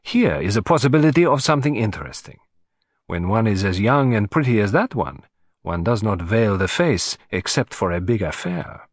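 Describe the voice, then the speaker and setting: A fussy, vain old Belgian detective, voiced by a male audiobook reader with a precise, self-satisfied way of speaking. His delivery swings lively up and down, with a slightly husky edge, recorded close and dry. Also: lowish voice, moderate pace, no room sound. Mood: curious. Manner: precise, self-satisfied, drops French phrases. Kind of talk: audiobook character reading.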